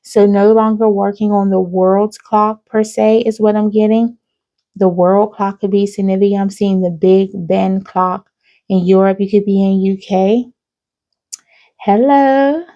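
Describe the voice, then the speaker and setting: A woman's voice: medium pitch, level tone, moderate pace, mellow, muffled recording. A woman giving an intuitive spiritual reading to her viewers. She keeps adding "okay?" as she runs through lists of numbers and signs. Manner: frequent "okay?" tag questions, reeling off numbers. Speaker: spiritual reader.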